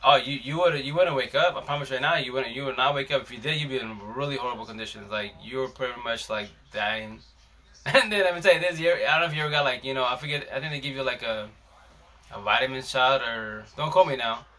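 A man's voice: mid-range voice, quick pace, sharp tone. A man hosting a live stream, casually telling a long story in a rambling, slangy way with many restarts.

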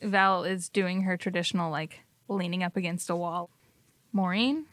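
A woman player in a tabletop game, describing her character's actions in plain, quick calls. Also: on the low side, level tone, fairly bright tone, no room sound.

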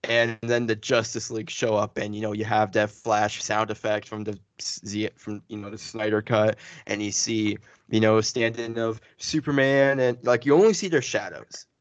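A man co-hosting a podcast, chatting casually and excitedly through a spoiler review, full of fillers and restarts. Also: fairly low pitch, normal speed, hardly any pauses, no room sound. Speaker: podcast co-host. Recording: dull lo-fi sound.

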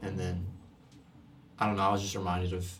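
A man speaking earnestly and gently about faith in a casual conversation. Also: sits low, completely flat delivery, fairly quick, recorded from a distance, a little hiss or hum.

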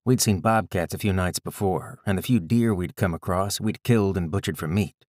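A man reading a first-person story aloud in a measured, gritty storytelling manner. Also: sits low, darkish tone, no echo, clean studio sound. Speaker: audiobook narrator. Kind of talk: scripted first-person narration.

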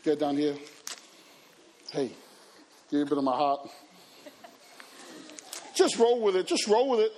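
A man telling personal stories to a live audience, animated and acting out scenes and voices. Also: on the high side, a little slow, long pauses, slight background noise. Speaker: youth speaker. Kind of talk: storytelling talk to an audience.

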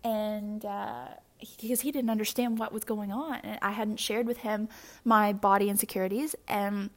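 Young woman on her podcast, just rambling honestly, lots of ums and likes, mid-pitched voice. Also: steady tone, moderate pace. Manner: candid, rambling, with frequent fillers and restarts. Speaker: podcast host. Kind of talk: personal confessional monologue.

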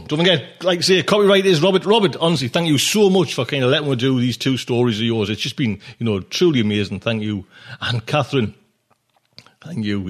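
A man hosting a podcast, chatting casually and rambling with many filler phrases. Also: fairly high pitch. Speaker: podcast host. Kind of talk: casual chat.

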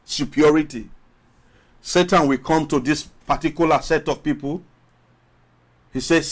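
A male pastor preaching a sermon emphatically, repeating phrases and drawing out his words between pauses. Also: on the high side. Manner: emphatic preaching with long pauses and rising calls.

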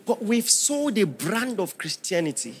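A man's voice: high-pitched, sing-song, unhurried, husky. A man preaching a sermon as pastor, emphatic and firing questions at the congregation.

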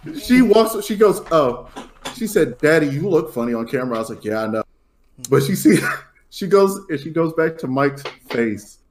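A man's voice: on the high side, moderate pace, a little hiss or hum. Young guy on a podcast telling a funny story about his kid, laughing a lot, voice bounces all over. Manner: animated, laughing storyteller who acts out his daughter's lines. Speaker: podcast co-host. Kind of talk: casual chat, storytelling.

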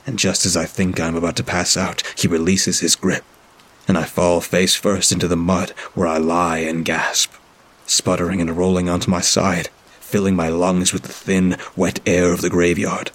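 Male storyteller for a horror narration: very low, husky voice, dramatic reading. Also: flat delivery, normal speed. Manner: dramatic, voices characters in dialogue.

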